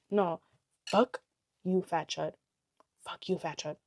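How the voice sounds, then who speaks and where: A woman's voice: on the low side, steady tone, takes it slowly, pauses often, a little mellow, no room sound, studio quality. A young adult woman telling a storytime on her channel, blunt and profane, rambling and laughing often. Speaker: vlogger. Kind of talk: casual storytime chat.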